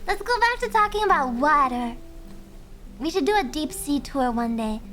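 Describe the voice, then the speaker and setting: Young woman streamer, very high soft voice, giggly, chatty, faint music underneath. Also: expressive, normal speed. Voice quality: high voice, speaking softly. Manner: giggly, chatty, reads chat aloud. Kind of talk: casual chat with viewers. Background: faint background music.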